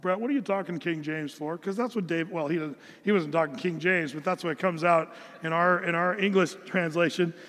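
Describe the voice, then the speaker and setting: A man's voice: on the high side, a little fast, few pauses, fairly bright tone, in a large hall. A man from the United States preaching an earnest, emphatic Bible-teaching sermon, often restarting his phrases. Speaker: pastor.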